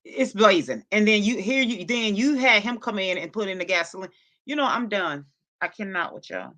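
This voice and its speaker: A woman's voice: medium pitch, animated, normal speed, fairly bright tone. A woman hosting a casual livestream, talking straight to her chat and scolding viewers in exasperated bursts, with features in her speech. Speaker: livestream host.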